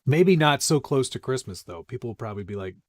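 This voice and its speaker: A man's voice: medium pitch, animated, fast, no echo, studio quality. A man co-hosting a live stream, chatting casually, teasing his co-host and reading viewer comments aloud. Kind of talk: casual chat.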